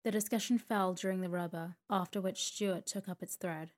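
A woman's voice: on the low side, normal speed. A woman narrating a classic novel as a bedtime sleep story, reading steadily. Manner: steady, even-paced reading.

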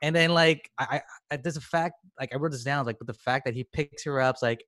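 A man's voice: medium pitch, fast talker, few pauses, fairly bright tone, no echo, studio quality. A man co-hosting a podcast, talking eagerly about a film in a rambling way, full of fillers. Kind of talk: casual movie discussion.

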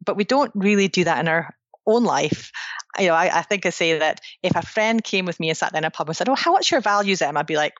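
A woman's voice: fairly low pitch, fast talker, dry recording. A woman, a psychologist and author, explaining ideas earnestly in a conversational interview, often restarting her sentences. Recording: dry, dull lo-fi sound.

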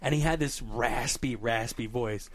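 A man's voice: mid-range voice, measured pace. A man co-hosting a podcast in casual chat, telling stories animatedly and acting out voices. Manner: animated storyteller, acts out voices and laughs. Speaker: podcast co-host.

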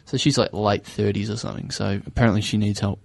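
A man hosting a podcast, telling stories in a casual, animated way and laughing often. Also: fairly low pitch, fast talker, creaky, no room sound. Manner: animated storyteller, laughs often, acts out voices. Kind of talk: casual chat.

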